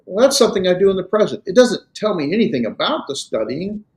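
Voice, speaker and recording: A man's voice: high voice, very animated, quick pace, a little mellow. A man teaching a class on verbs in a conversational lecture style, often checking that students follow and dropping dry sarcastic asides. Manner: conversational, checks understanding with "right?". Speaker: Greek grammar teacher.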